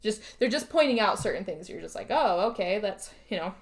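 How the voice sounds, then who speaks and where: Casting note: woman co-host, easygoing chatter, voices characters in quick asides, salty language. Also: medium pitch. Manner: lively retelling, acting out characters' lines, swearing. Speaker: podcast co-host. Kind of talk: casual movie recap chat.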